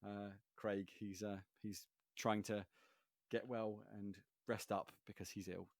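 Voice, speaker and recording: A man's voice: on the low side, level tone, unhurried, darkish tone, dry recording, studio quality. Giggly, chatty male podcast host. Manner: chatty, giggly, rambling with fillers. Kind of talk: casual podcast chat.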